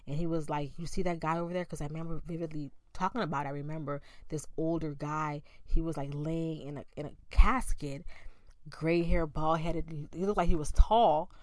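A woman's voice: sits low, steady tone, moderate pace, darkish tone, no room sound. A woman in her thirties candidly telling a personal story in a conversational way. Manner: candid and conversational, with many fillers and acted-out quotes. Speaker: speaker sharing a personal story.

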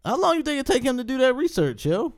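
A man's voice: very high-pitched, very animated, quick pace. A man co-hosting a casual, profane chat, laughing often and talking loosely into a handheld mic. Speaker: podcast co-host.

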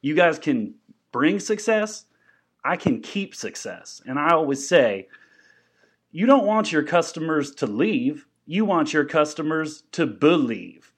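An actor playing a folksy, boastful customer-support mogul with a Texan accent, guesting on a comedy podcast. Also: male voice, fairly high pitch, very animated, slow pace, breathy edge, exaggerated voice. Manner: folksy, drawling, full of catchphrases.

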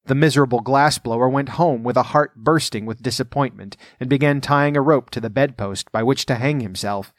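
Brief: male storyteller, measured, dry close recording. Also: mid-range voice, no echo. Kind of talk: storybook narration and commentary.

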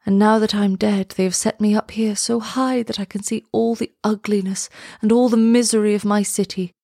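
A grieving golden statue of a prince speaks low, gentle and musical in a storybook reading, voiced by a woman in her own middle range. The sound is close and dry. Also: steady tone, normal speed, no room sound, lightly acted. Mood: sorrowful.

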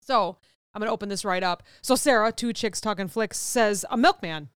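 Clear-voiced woman co-hosting a podcast. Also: mid-range voice, moderate pace, a bit bright, dry recording, clean studio sound. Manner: reactive, laughs often, reads listener answers. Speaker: podcast co-host. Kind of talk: casual chat.

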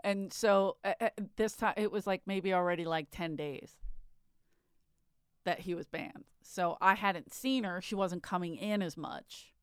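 A woman tells a story in loose, frank conversation and swears now and then. Her voice is smooth and clear, recorded dry and close to the mic. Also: fairly low pitch, unhurried, dry recording. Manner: frank, chatty storyteller, laughs often, swears. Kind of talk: casual chat.

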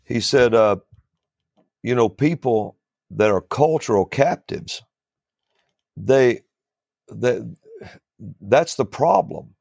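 A man who preaches, telling stories in a relaxed chat, often restarting his sentences and chuckling as he goes. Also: medium pitch, slow pace, vocal fry, long pauses, no echo, studio quality. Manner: rambling, starts over often, chuckles through stories. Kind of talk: storytelling in a casual panel chat.

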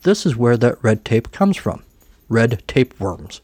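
A man voicing an odd, grandiose male adventurer who speaks slowly and with calm self-assurance. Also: medium pitch, breathy edge, dry recording. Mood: solemn.

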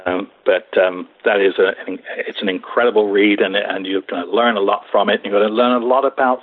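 A man from England, speaking as a podcast guest over a thin, dry phone line. His voice is somewhat low and husky. He rambles through his stories and hesitates often. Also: steady tone, brisk, dry recording. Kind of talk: interview podcast storytelling.

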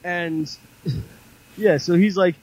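A man's voice: sits high, drawn-out words, a little mellow, slightly rough, low-quality recording. A man co-hosting a casual podcast, telling a long story with many fillers and restarts. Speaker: podcast co-host. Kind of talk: casual chat.

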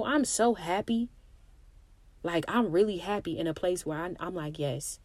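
Young woman podcast host, lowish voice, dry close mic, candid and emphatic. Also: darkish tone, no echo. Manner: candid, emphatic, talks straight to listeners. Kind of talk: casual motivational monologue.

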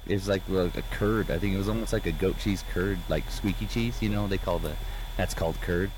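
A laid-back man with a low, deep voice chats on a podcast. He chuckles easily and keeps his answers short. Clear background noise runs under his voice. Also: a little fast. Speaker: podcast co-host. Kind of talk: casual chat.

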